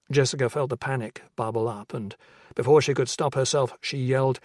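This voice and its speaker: A man narrates a crime thriller in a steady, measured way. His voice is husky, at an everyday pitch for a man. The recording is dry, with no room sound. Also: no echo. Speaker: audiobook narrator. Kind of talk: scripted narration.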